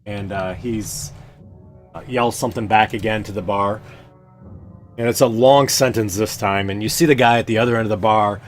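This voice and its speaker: A man narrating as game master of a tabletop game, relaxed and halting with many fillers. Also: fairly low pitch, faint music behind.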